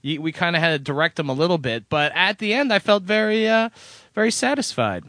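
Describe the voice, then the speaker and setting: A man's voice: sits high, expressive, brisk, fairly bright tone, no echo, studio quality. A man hosting a music podcast as a critic, chatty and enthusiastic in his storytelling. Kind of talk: casual interview chat.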